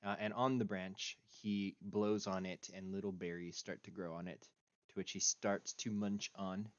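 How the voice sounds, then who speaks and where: A man playing a tabletop game, calmly describing what his character does. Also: deep voice, moderate pace, dry recording. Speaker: player. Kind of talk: tabletop role-play, narrating his character. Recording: dull lo-fi sound.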